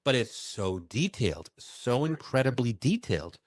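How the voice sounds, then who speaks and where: A man who works as a medium, telling a personal story in an expressive, emphatic way during a conversation. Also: medium pitch, no echo. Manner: expressive, emphatic, with bursts of fast speech. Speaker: medium recounting his experiences.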